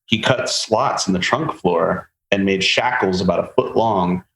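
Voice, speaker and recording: A man hosting a podcast, telling a long car story in a casual, animated way and acting out the people he quotes. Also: low voice, measured pace, creaky. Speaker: podcast host. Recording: roomy with faint ambient noise.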